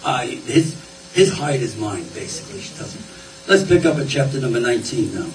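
A man's voice: mid-range voice, lively intonation, a little fast, slight background noise. A man preaching a sermon in a folksy, conversational way, often repeating his words. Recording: roomy, distant, faint ambience.

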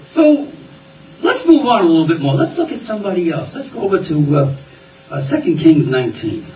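A man's voice: sits high, sing-song, fairly quick, warm tone, a little hiss or hum. A man preaching a sermon in a folksy, conversational way, often repeating his words. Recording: roomy, distant, faint ambience.

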